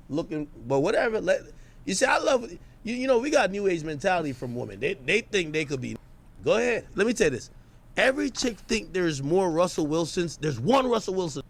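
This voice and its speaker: Animated high-voiced man riffing. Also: fairly quick. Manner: animated, slangy, laughs loudly. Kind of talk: casual reaction commentary.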